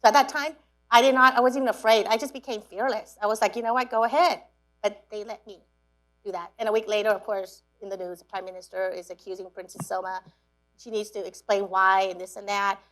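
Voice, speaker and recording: A woman from Cambodia telling stories to students, lively, laughing often and acting out what people said. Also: mid-range voice, fairly quick. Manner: lively storyteller, acts out quotes, laughs often. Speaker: guest speaker. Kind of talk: storytelling talk to students.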